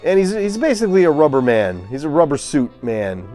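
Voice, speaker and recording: A man's voice: a little high, big pitch swings, fairly quick, warm tone, soft background music. A man giving a casual, opinionated movie review, ranting and scoffing with lots of fillers and restarts.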